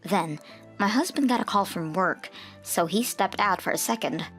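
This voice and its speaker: A young woman reads a dubbed manga story in the first person. Her delivery is earnest, at an everyday mid pitch. Faint music plays underneath. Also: lively intonation, moderate pace, fairly bright tone. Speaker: narrator. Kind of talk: scripted manga dub narration.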